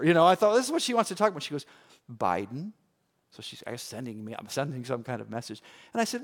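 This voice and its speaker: A middle-aged man preaching as a pastor, telling a story with acted-out voices and swings from hushed to loud. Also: on the high side, lively intonation, a little fast. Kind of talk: sermon with a personal story.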